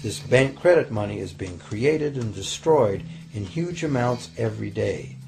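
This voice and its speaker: A man with a low, gravelly voice narrates a documentary in a calm, explanatory way. His words are scripted. Faint music plays behind him. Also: measured pace.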